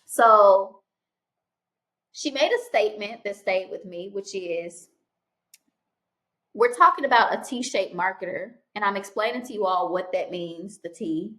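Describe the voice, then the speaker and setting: A young woman vlogging casually, telling a story with lively quoted dialogue and many restarts. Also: medium pitch, a little slow, long pauses.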